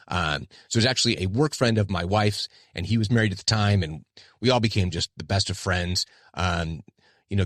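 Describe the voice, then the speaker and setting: A middle-aged man hosts his own podcast, rambling through a casual, candid monologue and poking fun at himself. His voice sits on the low side with a fairly bright tone, recorded dry with studio quality.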